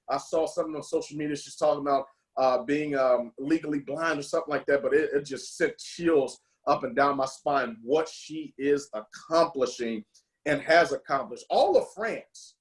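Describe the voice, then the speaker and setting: Guy hosting a team video call, rambles a lot w/ fillers, gets fired up and emotional, kinda high voice. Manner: emotional, fervent. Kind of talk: motivational call talk.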